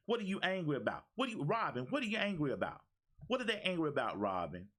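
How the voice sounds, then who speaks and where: A man's voice: mid-range voice, a bit bright. A man who is a life coach, giving a preachy, repetitive motivational talk on a live stream and calling out viewers by name.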